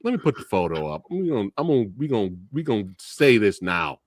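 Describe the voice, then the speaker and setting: A man hosting a casual movie discussion show, excitable and laughing often as he talks. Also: medium pitch, a little fast, few pauses, dry recording, studio quality. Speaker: podcast host.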